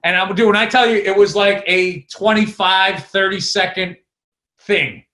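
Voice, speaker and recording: A man's voice: high voice, normal speed. Man telling a story in an echoey room. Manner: profane, animated storytelling. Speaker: podcast co-host and comedian. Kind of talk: casual storytelling chat.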